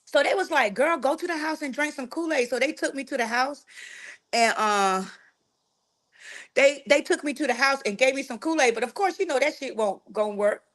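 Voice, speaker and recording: Frank, animated woman telling a story. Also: sits high, moderate pace. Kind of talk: casual storytelling to followers.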